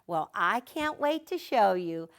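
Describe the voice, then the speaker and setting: A woman's voice: medium pitch, sing-song, measured pace. An older woman demonstrating a quilt block step by step, chatty and folksy, with family stories mixed into her instructions. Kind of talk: sewing demonstration.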